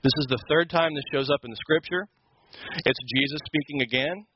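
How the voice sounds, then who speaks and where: A man's voice: fairly high pitch, a little fast, dull audio, noisy background. A man teaching a Sunday school lesson, explaining scripture in an emphatic, conversational way. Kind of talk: Bible teaching.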